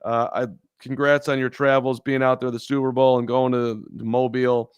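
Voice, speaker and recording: A man's voice: medium pitch, flat delivery, moderate pace, smooth, no room sound, lo-fi sound. A man co-hosting a casual sports podcast, telling a rambling story with lots of restarts. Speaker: podcast co-host. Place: in Chicago.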